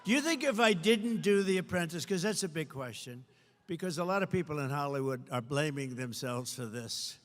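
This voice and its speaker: An older man giving an emphatic, repetitive campaign rally speech, sometimes shouting, recorded in a large indoor venue through a podium mic. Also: fairly high pitch, animated, normal speed. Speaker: political candidate. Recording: long hall reverb, faint crowd ambience.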